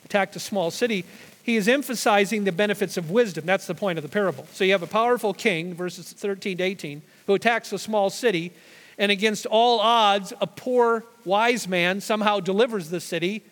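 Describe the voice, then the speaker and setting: The sermon echoes through a church hall as a pastor with a high, fairly bright voice expounds on scripture, leaning heavily on key words. He often backs up to restart a phrase before pushing forward.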